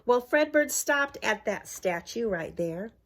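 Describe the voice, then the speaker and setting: A woman's voice: fairly high pitch, lively intonation, a little slow. Woman, middle-aged, preschool story time read-aloud, questions for the kids, points at the pictures. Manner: asks young listeners questions and points at pictures; bright exaggerated voice for cheering lines. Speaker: preschool owner reading aloud.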